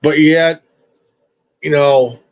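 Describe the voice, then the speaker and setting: A man's voice: on the high side, steady tone, drawn-out words, highs cut off. A man streamer ranting at someone in a confrontational, profane, repetitive way. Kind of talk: confrontational rant.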